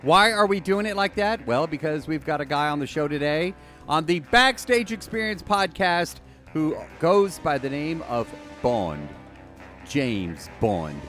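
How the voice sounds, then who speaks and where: A man hosting a podcast in casual chat, excitable, chatty and playful. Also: sits high, normal speed, faint music behind. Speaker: podcast host.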